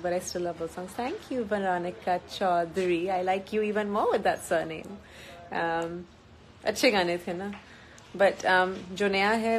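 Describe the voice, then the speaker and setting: A woman speaking in a slightly low voice, chatting to fans on a phone live stream outdoors. She reads out their comments, switches easily between English and Hindi, and fills pauses with ums. Faint open-air noise sits behind her. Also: rough recording. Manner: chatty and upbeat, with frequent ums. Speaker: singer hosting a live stream. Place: outdoors in sunny Goa.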